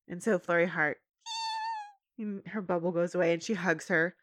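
A woman's voice: normal speed, long pauses. A woman in her thirties, recapping a cartoon episode in casual chat and acting out the characters' lines. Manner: animated, acts out characters' lines in a high voice. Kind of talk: casual chat, retelling with voiced quotes.

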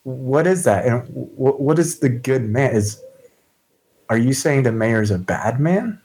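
A man's voice: mid-range voice, expressive, measured pace, a little mellow, voice pushed up, low-quality recording. A man voicing an earnest young noblewoman who asks flustered, eager questions. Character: earnest young noblewoman Shauna, determined to help.

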